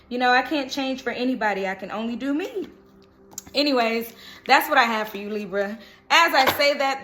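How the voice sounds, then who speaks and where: Against a noisy background, a woman with a slightly high voice gives a casual tarot horoscope reading. She's lively and chatty, rambling and correcting herself, laughing often and breaking into bits of song.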